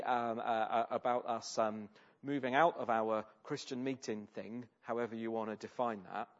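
A man delivers a sermon conversationally, often pausing on "um" and restarting his sentences. His voice is medium in pitch, and the recording has its highs cut off.

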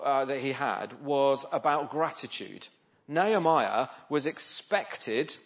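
A man preaching a sermon in a conversational way, often asking the listeners rhetorical questions. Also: mid-range voice. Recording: slightly dull, lo-fi sound.

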